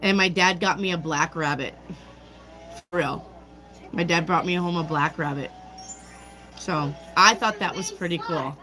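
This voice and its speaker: A woman's voice: lowish voice, a little slow, pauses often, sharp tone, soft background music, poor audio. A woman hosting a tarot livestream, chatting casually, telling a personal story and answering viewer comments. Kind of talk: casual chat with live chat.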